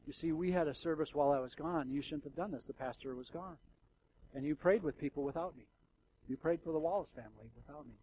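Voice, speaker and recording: A man preaching a sermon as the pastor of a church, swinging from hushed, intimate passages to loud, fervent ones, with ironic asides. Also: fairly high pitch, fast, slight background noise, poor audio. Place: church sanctuary.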